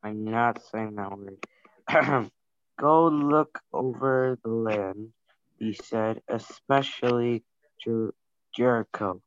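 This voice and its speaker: Male student reading scripture aloud, slow and halting, dry lo-fi call audio. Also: fairly low pitch, dry recording. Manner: halting reading, stumbles over names. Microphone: video call.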